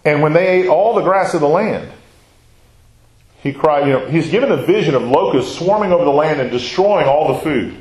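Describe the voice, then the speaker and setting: A man's voice: on the high side, expressive, moderate pace, darkish tone. Man teaching a Bible class in an echoey room. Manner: conversational, quizzes the class with questions and tags "right?". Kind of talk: Bible study lesson with scripture reading.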